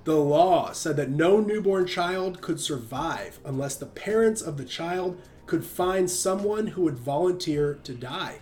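A man narrating a short story in a measured, even reading. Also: a little high, soft background music.

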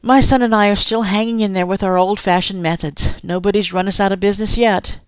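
A woman's voice: mid-range voice, fairly even intonation, brisk, smooth, no room sound, close to an everyday voice. A woman reading a kindly old whiskey distiller. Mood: chatty. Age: older. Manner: chatty, folksy.

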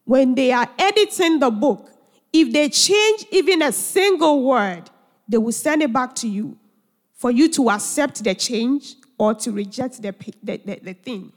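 A woman's voice: high-pitched, animated, unhurried. A woman preacher delivering an earnest sermon full of emphatic rhetorical questions, heard in a church hall. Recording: long church hall reverb.

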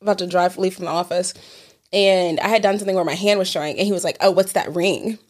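A woman's voice: on the low side, fairly even intonation, fast. Young woman, co-host, loose conversational delivery, casual cursing, filler-heavy. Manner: swears freely, lots of "like" fillers. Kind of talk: casual chat.

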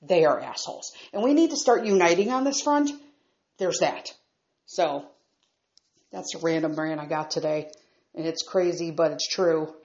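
A woman's voice: deep voice, moderate pace, a little mellow, lo-fi sound. A woman ranting at home in an exasperated, profane, emphatic way. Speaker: vlogger. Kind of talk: angry ranting monologue. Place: upstairs room at home.

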